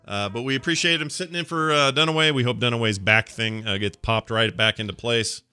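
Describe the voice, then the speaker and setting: A man's voice: medium pitch, brisk, pushed and bright, clear, resonant tone, no echo, soft background music. A man hosting a casual podcast chat, rambling and losing his train of thought. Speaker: podcast host.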